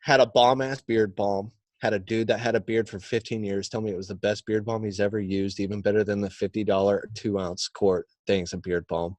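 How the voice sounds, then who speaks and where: A man's voice: on the low side, level tone, fairly quick, few pauses, darkish tone, no room sound. A man telling a story as a podcast guest, swearing freely and acting out the quotes. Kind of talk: casual storytelling.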